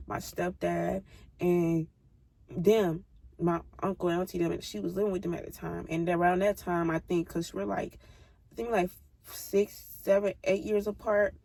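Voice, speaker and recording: A young woman vlogger with a gravelly, husky, slightly mellow voice of medium pitch tells a personal story directly to her audience. In a loose, casual storytime style, she speaks bluntly and heatedly, swearing freely.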